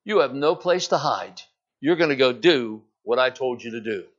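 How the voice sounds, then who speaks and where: A man voicing a calm, commanding male divine voice, speaking low and firm, in a slightly muffled sermon recording. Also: moderate pace.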